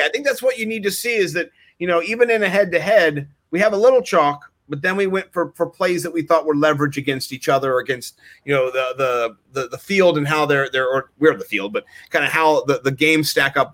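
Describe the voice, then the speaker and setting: Man, fairly high voice, rambling and jokey, casual fantasy football talk. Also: brisk, hardly any pauses, fairly bright tone. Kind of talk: casual sports chat.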